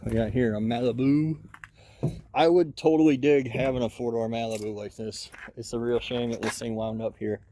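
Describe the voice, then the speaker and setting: A man's voice: medium pitch, steady tone, moderate pace, mellow, slight background noise. A man giving casual walk-around commentary at an outdoor junkyard, muttering running remarks to himself as he browses. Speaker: car hobbyist vlogger.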